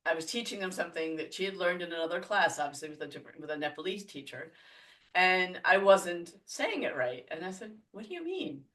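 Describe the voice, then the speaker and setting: A woman telling stories in a casual podcast conversation, animated and laughing often. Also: fairly low pitch, fairly quick. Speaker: podcast guest. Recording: voice a bit distant from the mic.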